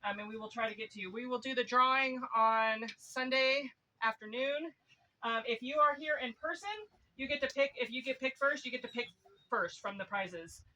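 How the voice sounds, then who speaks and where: A woman event steward giving practical announcements outdoors, pausing often with "um". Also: a little high, bright, forceful tone, poor audio. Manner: chatty, full of "um" pauses, practical. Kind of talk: reading announcements.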